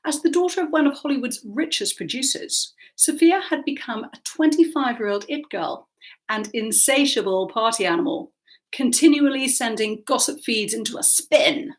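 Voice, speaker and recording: A woman reading aloud from her own novel with a lively, expressive storytelling manner. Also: a little high, moderate pace. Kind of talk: audiobook narration.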